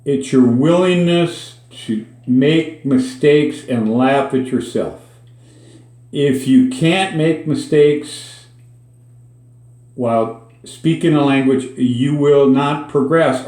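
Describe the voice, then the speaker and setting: This host, a Minnesota man with a local accent, speaks slowly in a mellow, medium-pitched voice. He walks through a Spanish word of the day in a relaxed, folksy lesson dotted with dry humor, and the room he records in echoes.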